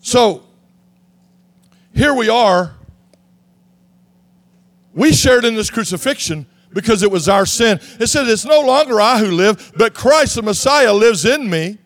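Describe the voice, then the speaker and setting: A man from Texas, preaching a sermon in an animated way that rises to shouts. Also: sits high, measured pace, pauses often, no room sound. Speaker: pastor.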